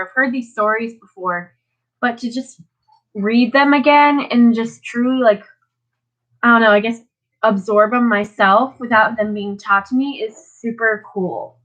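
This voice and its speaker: A weary teenager streams herself reading from the Bible and chatting loosely about it, full of "like"s and false starts. She speaks at a medium pitch with a bright, forceful tone over dull lo-fi audio.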